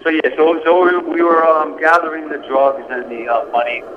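A former police sergeant, a man, telling a personal story in a radio interview in an earnest, reflective way, halting with many fillers. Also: fairly high pitch. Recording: muffled radio audio with steady background noise.

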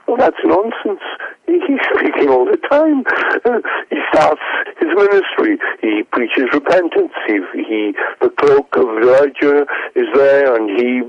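A man speaks as a radio guest, preaching emphatically, his pitch leaping up on the points he stresses. His voice has a gravelly edge. The sound is dull and lo-fi, like a phone line with no room around it. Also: sing-song, normal speed, no echo. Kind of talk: radio call-in answering questions.

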